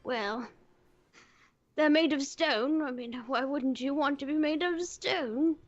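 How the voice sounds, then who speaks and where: A dreamy older mystic, voiced by a woman, muses slowly in a higher voice. The line is muffled, and faint music plays under her. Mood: musing.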